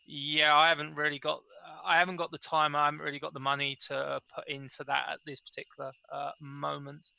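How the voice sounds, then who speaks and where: Male co-host, very bright gravelly tone, flat delivery, dry sound. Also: on the high side, no room sound. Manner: halting, full of restarts. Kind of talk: casual livestream chat.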